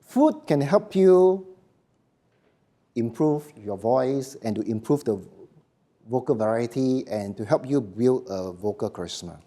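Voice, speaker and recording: Emphatic male voice coach, warm tone. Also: medium pitch, lively intonation, measured pace. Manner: emphatic, often asks "Okay?" and "Why?", short phrases. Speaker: voice coach giving a workshop. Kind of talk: live seminar lecture.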